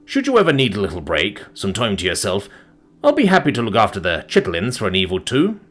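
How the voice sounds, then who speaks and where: A man's voice: on the low side, huge pitch swings, fast talker, a bit bright, heavily acted. A man voicing an easygoing, kind old farmer who talks in homely rural phrases in a storybook reading.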